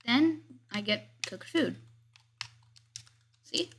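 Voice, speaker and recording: A woman's voice: on the high side, expressive, extremely slow, fairly bright tone, slight background noise. Chatty woman giving gameplay commentary. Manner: chatty, narrates every move, jokes about herself. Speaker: gameplay video host.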